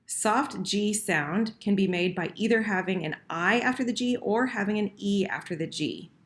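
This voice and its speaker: A woman's voice: medium pitch, moderate pace. A woman teaching French verb conjugation in a screen-recorded lesson, patient and correcting herself as she types. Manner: patient, self-correcting, talks while typing.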